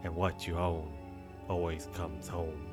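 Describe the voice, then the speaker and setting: A man voicing a grim old New England man who hands out dark advice in a slow, low drawl. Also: level tone, over music. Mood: ominous.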